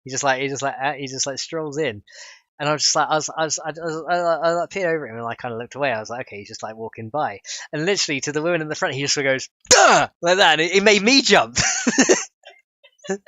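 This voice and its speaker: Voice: medium pitch, quick pace, pushed and bright, no room sound. A streamer, chatting casually while coding a game mod, giggly and rambling and swearing freely.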